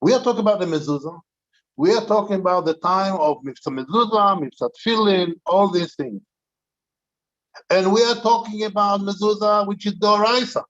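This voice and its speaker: A man's voice: high voice, moderate pace, a bit bright, lo-fi sound. An older man, a rabbi, telling an anecdotal story to a community gathering, with frequent restarts.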